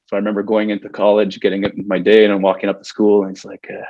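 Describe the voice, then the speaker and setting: A fairly low-voiced man in his forties tells stories in a relaxed chat and laughs often along the way. He often starts a phrase over before he finishes it. His audio is dry and a little muffled. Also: racing, no echo. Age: 40s. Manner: chatty, laughs often, many restarts. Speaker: podcast guest. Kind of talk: casual interview storytelling.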